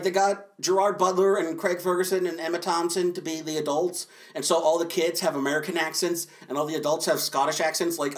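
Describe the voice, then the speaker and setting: A man hosts a film review podcast with a sarcastic, loose delivery. He rants casually and slips into quick mock lines to poke fun at what he is describing. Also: high voice.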